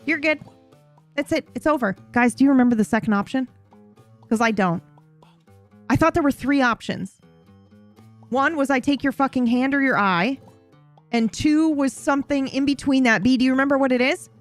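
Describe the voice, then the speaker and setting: A woman's voice: sits high, normal speed, long pauses, soft background music. A woman streamer recapping a roleplay story in a chatty, profane way, often interrupting herself.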